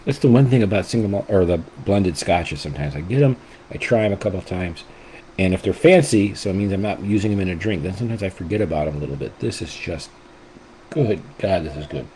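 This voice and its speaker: Low, mellow-voiced enthusiastic man. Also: quick pace, a little hiss or hum, poor audio. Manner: enthusiastic and rambling, with frequent restarts. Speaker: whisky reviewer and channel host. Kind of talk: casual tasting review.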